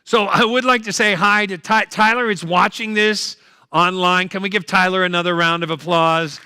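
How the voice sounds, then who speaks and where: A man's voice: high voice, fairly even intonation, normal speed, sharp tone, clear, resonant tone. An older man doing a stand-up comedy set, punchy, chatty and full of jokes.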